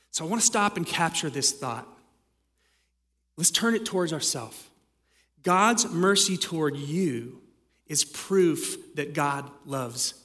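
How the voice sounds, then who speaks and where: A man's voice: on the high side, a bit bright, in a large hall. A man preaching a sermon as pastor, conversational with dramatic readings.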